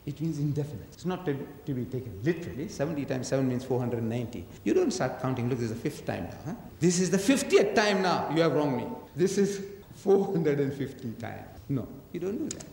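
A man's voice: on the high side, big pitch swings, a little fast, hardly any pauses, a little mellow. A man giving a public lecture on religion, emphatic and full of rhetorical questions, acting out the voices in his stories. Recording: echoey hall reverb.

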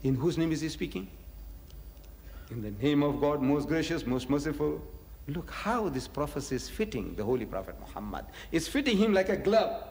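A man giving a religious lecture, animated and full of rhetorical questions, chuckling often. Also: fairly high pitch, normal speed, a little hiss or hum. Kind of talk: preaching lecture to an audience. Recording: echoey hall reverb.

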